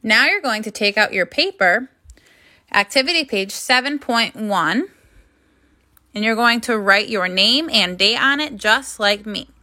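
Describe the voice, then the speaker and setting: Slow, bright-voiced woman teaching young children. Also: on the high side, lively intonation. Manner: slow, careful, encouraging classroom delivery. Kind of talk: phonics lesson for young children.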